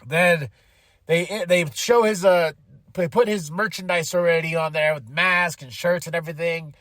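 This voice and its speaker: A man hosting a podcast, casually recapping events with animated energy, laughing often and acting out quotes. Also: on the high side, moderate pace, dry recording, studio quality. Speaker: podcast host.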